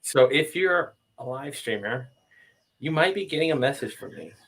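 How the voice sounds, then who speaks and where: A man hosting a live-stream show over a video call, talking excitedly with frequent restarts and calling out to viewers. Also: medium pitch, a little hiss or hum. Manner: excitable, halting, addresses viewers as guys. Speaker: host. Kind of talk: casual live-stream chat.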